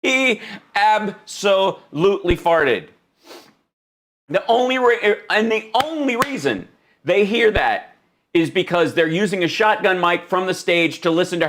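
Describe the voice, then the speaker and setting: A man's voice: sits high, animated, unhurried, a bit bright. A man hosting a live stream, giving comic political commentary in an exclaiming, mock-incredulous way. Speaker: livestream host.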